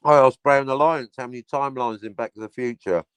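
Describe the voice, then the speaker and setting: A man's voice: medium pitch, brisk, smooth, no echo. A man hosting a casual livestream, talking in a sardonic, sweary way and slipping into mock announcer asides. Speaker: livestream host.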